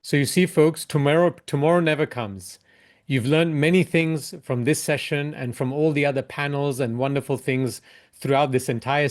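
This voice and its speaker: A man, a startup investor, giving a reflective keynote talk and closing with a short parable. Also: mid-range voice. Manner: earnest, closes with a short parable.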